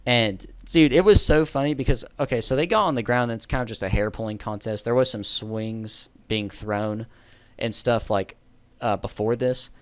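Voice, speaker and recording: A man's voice: medium pitch, moderate pace, clean tone, dry recording. A man telling a story in a casual storytime monologue, rambling, correcting himself and laughing at his own story. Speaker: storyteller vlogger.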